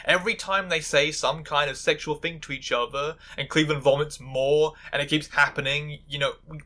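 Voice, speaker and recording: A woman's voice: low voice, steady tone, moderate pace, few pauses, pushed and bright. A woman giving sarcastic video essay commentary, full of stammering restarts and angry asides.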